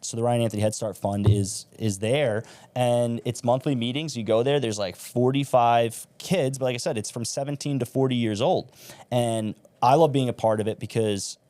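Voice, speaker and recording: This young man, a podcast guest, tells stories in casual talk, swearing freely and leaning on fillers like "like" and "bro." His mid-range voice is mellow, moves at a normal speed and has no echo.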